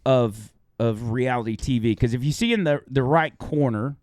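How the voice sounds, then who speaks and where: A man's voice: normal speed, no room sound, clean studio sound. A man co-hosting a radio show, casually chatting and telling stories animatedly. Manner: animated storytelling, high voice for quoted women. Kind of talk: casual chat.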